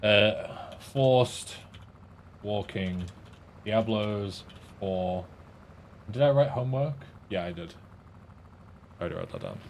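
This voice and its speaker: A man's voice: lowish voice, big pitch swings, slow pace, creaky, pauses often, a little hiss or hum. A man with a Yorkshire accent giving casual streaming commentary while playing a game, with dry asides to himself.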